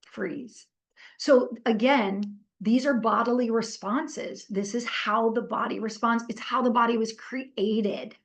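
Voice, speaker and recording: Her voice runs on the high side, and she keeps a measured pace with few pauses. She's a middle-aged workshop trainer who teaches conversationally with fillers, telling lively stories and asking for the group's input.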